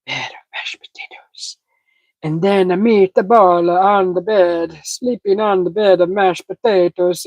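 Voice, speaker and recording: A woman hosts a casual live cooking stream, sniffling from a stuffy head cold and chatting with viewers, reading their comments aloud as she cooks. Her voice is on the low side with a darkish tone, on a dry, rough recording.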